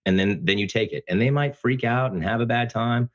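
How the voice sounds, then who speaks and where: A man speaking as a podcast guest, talking about fatherhood in an earnest, emphatic, loud-voiced way. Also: mid-range voice, brisk, muffled recording. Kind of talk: casual interview conversation.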